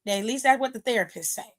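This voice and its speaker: A woman host giving a sassy, gossipy recap of a wrestling show in casual chat, retelling it with lively energy. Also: fairly high pitch, a little fast. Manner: sassy, gossipy, exclaims "child" often; animated retelling with lively quoted voices. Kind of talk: casual chatty commentary.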